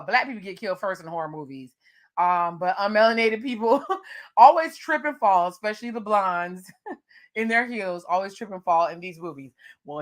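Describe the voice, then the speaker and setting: A woman's voice: medium pitch, a bit bright. A woman recapping a horror movie with jokes and slang, laughing often. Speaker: movie reviewer.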